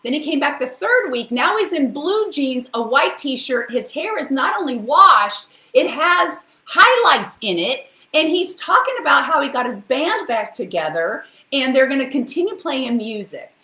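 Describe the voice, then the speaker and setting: Woman, motivational storyteller, animated and emotional, higher voice, echoey room. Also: measured pace, few pauses. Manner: animated, emotional, acts out quotes with big pitch jumps. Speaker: practitioner giving a motivational talk.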